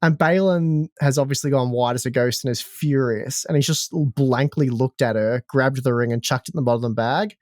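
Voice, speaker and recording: A man's voice: medium pitch, moderate pace, hardly any pauses, a little mellow, dry recording. Chatty Australian man, dry close sound. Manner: chatty, joking storyteller. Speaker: podcast co-host. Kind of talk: casual chat.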